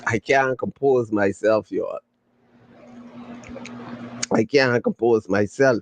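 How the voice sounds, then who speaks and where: A man hosting a podcast, casually chatting and reading viewer comments in a playful, slangy, excitable way. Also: lowish voice, takes it slowly, long pauses, dull audio, a little hiss or hum. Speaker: podcast host.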